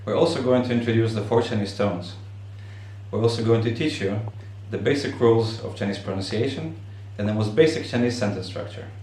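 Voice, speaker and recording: A man's voice: fairly low pitch, brisk, darkish tone, heavy reverb, far from the mic, low-quality recording. A man teaching a beginner language lesson, explaining patiently step by step.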